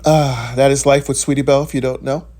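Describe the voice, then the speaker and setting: A man's voice: medium pitch, completely flat delivery, rapid-fire, a little mellow. A man hosting his gaming channel, talking casually and earnestly with many fillers before starting a game. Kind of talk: casual game intro talk.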